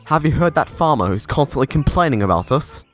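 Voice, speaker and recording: A scoffing, huffy male mountain engine from a storybook, as a man puts him on. He grumbles and boasts with plenty of lift and fall in his voice. He sounds quick to take offence. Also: medium pitch, animated, faint music behind, natural voice. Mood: grumbling. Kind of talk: storybook character voice.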